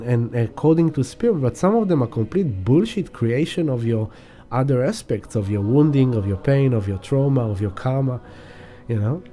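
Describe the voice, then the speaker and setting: A man's voice: medium pitch, warm tone. A man giving a rambling spiritual astrology talk, casually swearing and acting out examples. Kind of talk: spiritual teaching monologue.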